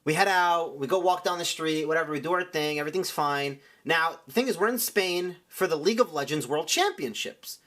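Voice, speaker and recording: A man's voice: a little high, a little fast, few pauses, pushed and bright. A young man streamer telling a rambling story in casual chat, full of "like" and restarts.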